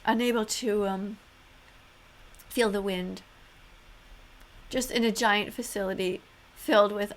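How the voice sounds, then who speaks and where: A woman's voice: mid-range voice, vocal fry. A woman commenting on videos in an earnest, emotional way, close to tears. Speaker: vegan activist vlogger.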